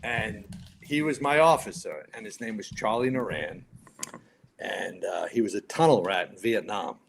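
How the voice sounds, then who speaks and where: A man in his fifties, a retired firefighter and podcast guest, telling stories in a casual, animated, profane way. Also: lowish voice, moderate pace, vocal fry, a little hiss or hum. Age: 50s. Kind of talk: casual storytelling.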